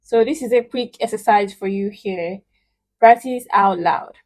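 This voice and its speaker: Slow, patient woman teaching pronunciation. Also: mid-range voice, a little mellow. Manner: patient, repeats words slowly for learners to echo; models pronunciation with emphatic, drawn-out syllables. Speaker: language teacher. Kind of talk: spoken language lesson.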